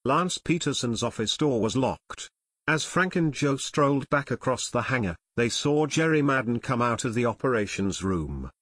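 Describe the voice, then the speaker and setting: A male audiobook narrator with a steady, measured delivery at a middle pitch. The recording is dry and close, with no room sound at all. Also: slightly rough, no echo.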